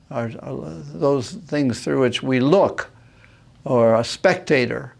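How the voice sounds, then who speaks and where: Slow, gravelly-voiced priest giving a talk. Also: male voice, fairly high pitch. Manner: unhurried, thoughtful, pauses with filler sounds. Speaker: Jesuit priest and retreat master. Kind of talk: reflective teaching talk on marriage.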